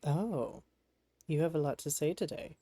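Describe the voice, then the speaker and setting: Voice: medium pitch, a little slow, mellow, slightly rough, no echo, rough recording. A streamer chatting casually while playing a game at a home desk, cooing to a pet cat between musing remarks.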